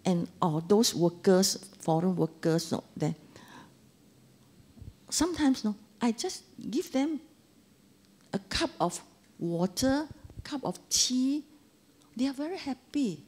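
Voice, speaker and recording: A woman's voice: medium pitch, slow pace, pauses often, slightly rough. A woman in her sixties with a Singaporean English accent, giving an anecdotal Dharma talk full of local slang. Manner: animated storytelling with local slang. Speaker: Dharma speaker.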